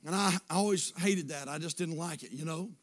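A man in his fifties preaching a sermon, moving between shouted declarations and quiet, hushed storytelling. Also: fairly high pitch, a little fast. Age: 50s.

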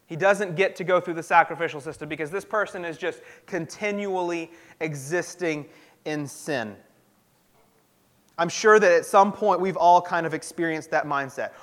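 A man with a notably high voice delivers a sermon as a pastor. He talks in an earnest, conversational way and often circles back to restart his sentences. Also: moderate pace, fairly bright tone.

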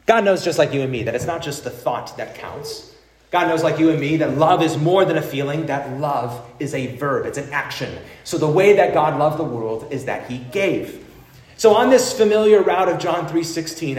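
A man preaching a holiday sermon in a roomy, echoing church. His voice sits at an ordinary middle pitch. He moves from bright, raised emphasis down to quiet, hushed phrases as he tells stories to the congregation. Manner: animated storytelling with wide swings from emphatic to hushed. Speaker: pastor.

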